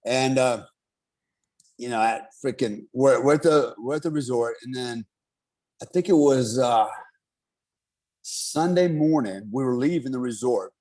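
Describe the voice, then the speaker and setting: A middle-aged man telling a story in casual, profane talk, animated and laughing often. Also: mid-range voice, measured pace, long pauses.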